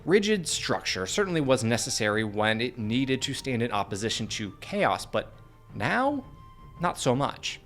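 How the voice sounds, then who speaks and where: A man's voice: medium pitch, a bit bright. Earnest man narrating a video essay.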